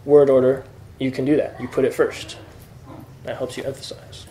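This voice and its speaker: A man's voice: mid-range voice, little pitch movement, moderate pace, dark tone, a little hiss or hum. A man teaching a classroom lesson, explaining patiently and checking that students follow. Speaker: Greek teacher. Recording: echoey room.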